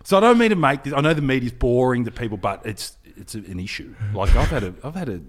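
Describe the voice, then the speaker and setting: An Australian man in his thirties telling a long funny story in casual podcast chat, jumping into loud quoted voices. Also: medium pitch, expressive, fast talker.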